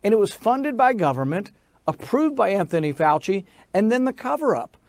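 A man's voice: sits high, sing-song, normal speed, darkish tone, dry recording. A middle-aged American man who is a senator, telling a story in an interview in an insistent manner that builds to indignation. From United States.

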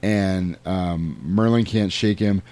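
Low-pitched male co-host, loose and chatty, retells scenes with playful quoted voices. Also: steady tone, takes it slowly, darkish tone, dry recording. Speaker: podcast co-host recapping a film. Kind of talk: casual chat.

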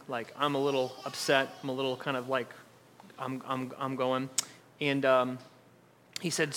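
A man's voice: medium pitch, steady tone, moderate pace, long pauses, sharp tone, a little hiss or hum. A man preaching a sermon, telling a personal family story in a conversational way and acting out what others said. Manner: conversational storytelling, acts out quoted voices. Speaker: pastor.

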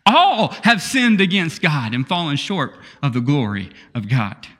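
A man preaching a sermon, reading scripture with laughter and quiet asides. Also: a little high, very animated, unhurried, long reverb tail. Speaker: pastor.

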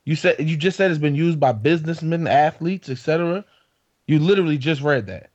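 A man's voice: on the high side, fairly quick, darkish tone. A man co-hosting a podcast, teasing his friends with blunt, curt replies in casual banter. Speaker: podcast co-host. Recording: muffled lo-fi dry recording.

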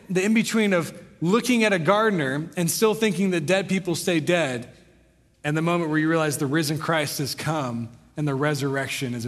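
A young man with a high, light voice preaches a sermon, moving between scripture reading and easygoing explanation. His voice carries a long reverb, as if heard in a large hall. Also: fairly bright tone. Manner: conversational preaching with Bible reading. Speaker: pastor.

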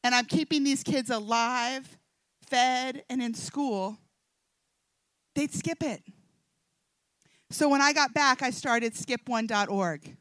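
A middle-aged woman giving a humorous testimony talk to a church audience, telling the story in a lively way and acting out the dialogue. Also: high voice, takes it slowly, long pauses, no echo. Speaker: speaker at a Christian event.

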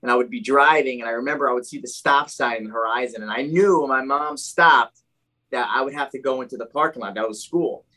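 Fast-talking man telling his story. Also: mid-range voice, bright, forceful tone, rough recording. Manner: rambling, packed with "like" and "you know". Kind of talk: casual personal storytelling.

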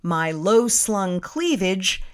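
A woman's voice: medium pitch, very animated, extremely slow, clean tone. Female host, 50s, reading her own essay with dry, self-mocking wit. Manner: wry, self-mocking storytelling. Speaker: podcast host and narrator. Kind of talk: reading a personal essay aloud.

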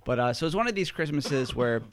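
A man's voice: medium pitch, lively intonation, fairly quick, clear, resonant tone, no room sound. A man telling a family story in casual podcast chat, rambling with plenty of fillers. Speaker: podcast host.

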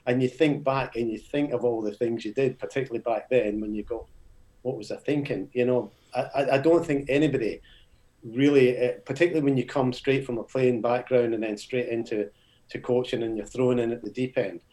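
An older man from Scotland, a football coach speaking as an interview guest. His voice is mellow and soft-edged, and he talks in a modest, unhurried way, pausing often to think. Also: medium pitch. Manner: modest, relaxed, reflective, many fillers. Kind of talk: casual interview chat.

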